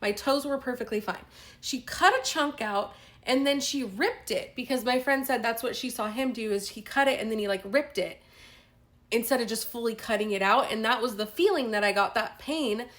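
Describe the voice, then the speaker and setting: High-voiced woman telling an indignant story. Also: moderate pace. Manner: animated, indignant retelling with many fillers. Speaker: vlogger. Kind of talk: storytime vlog.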